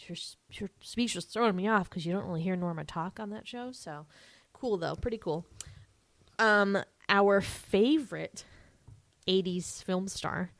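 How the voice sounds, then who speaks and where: A woman's voice: on the low side, no room sound. Bubbly woman podcast co-host. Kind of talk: casual chat.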